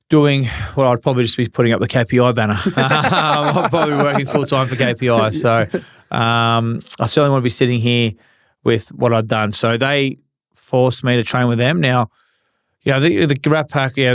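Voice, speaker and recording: Laid-back Australian man with a smooth voice. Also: mid-range voice, no room sound, studio quality. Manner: laid-back, swears freely, acts out old arguments. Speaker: guest, former footballer. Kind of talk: casual storytelling interview.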